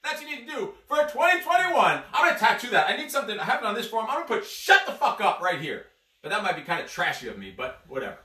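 A man co-hosting a motivational show, ranting bluntly with heavy swearing and sudden shouted bursts. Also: high voice, huge pitch swings, fast, recorded from a distance. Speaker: podcast co-host, coach. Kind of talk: profane motivational rant. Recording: echoey room, off-mic.

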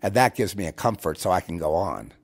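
A man's voice: sits low, lively intonation, brisk, breathy edge. A man hosting his own show, talking straight to his listeners in a rambling, preachy monologue full of restarts and repeated words. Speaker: show host.

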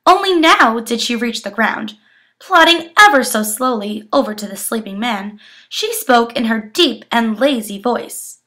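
A young woman reading a children's picture book aloud with expressive storytelling. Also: on the high side, a little slow. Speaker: education student.

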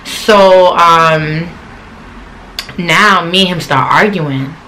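A woman's voice: on the low side, drawn-out words, sharp tone, slight background noise. A young woman, telling a storytime vlog in a blunt, slangy, profane way. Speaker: channel host.

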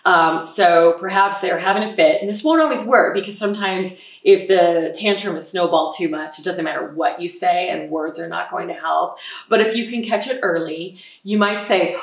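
A woman parenting expert giving calm, explanatory advice in an interview, acting out what parents might say. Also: fairly low pitch, moderate pace, creaky. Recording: roomy echo, mic at a distance.

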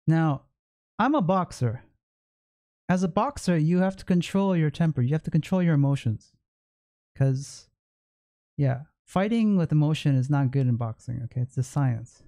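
A man's voice: on the high side, animated, a little slow, pauses often, warm tone. A man telling a personal story to the camera with emphatic repetition. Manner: emphatic, repeats himself. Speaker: vlogger. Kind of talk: storytelling vlog.

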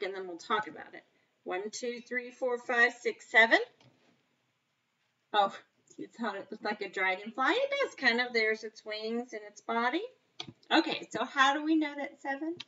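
A woman with a fairly high voice teaching kindergarten math, taking her time over every word. She coaxes and praises young children in a sing-song manner, now and then dropping to a whisper. The sound is a little dull and lo-fi. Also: bright, forceful tone. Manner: slow, sing-song and encouraging, talking to children; playful mock surprise, sometimes dropping to a whisper. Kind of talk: video lesson for young children.

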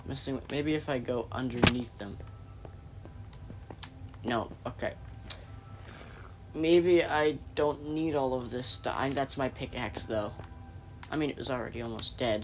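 A man's voice: mid-range voice, noisy background. Rambling, jokey man playing a game. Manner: rambling, jokey, self-interrupting. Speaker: gaming channel host. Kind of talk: gameplay commentary.

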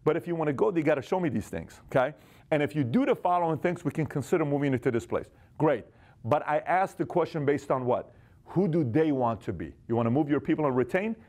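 A man in his forties giving an energetic motivational business talk, acting out quick snatches of dialogue. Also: fairly high pitch. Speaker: business speaker.

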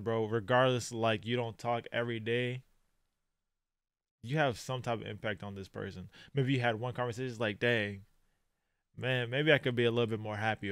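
A man hosting a reaction video, talking heartfelt and slang-heavy, swinging from quiet reflection to loud exclamations. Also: mid-range voice, clean tone, no room sound, studio quality. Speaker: reaction channel host. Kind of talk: reacting to an anime.

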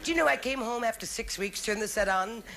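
On a theater stage in a 1970s TV special, a middle-aged female comic delivers bawdy stand-up directly to the live audience amid loud laughter. Her voice is a little high and brisk with vocal fry, and there's a faint hiss or hum.

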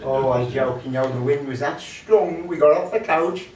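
A man's voice: on the high side, moderate pace, a little mellow, a little hiss or hum. A man at a folk club telling rambling comic anecdotes, chatty and jokey with lots of fillers. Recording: echoey room, mic from far off.

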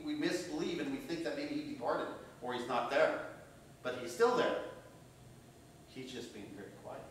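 A male pastor preaching a sermon, rising to loud emphasis and dropping to hushed tones, often asking "right?". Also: medium pitch, far from the mic. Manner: asks the congregation "right?" often. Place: church hall. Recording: very echoey room, voice from off-mic, faint hum.

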